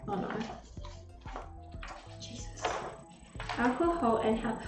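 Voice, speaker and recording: Reading drink recipes to her viewers on a live stream, a young woman chats and rambles in a relaxed way. Her voice is on the high side with lively intonation and a measured pace, picked up by a distant mic amid roomy echo and faint music.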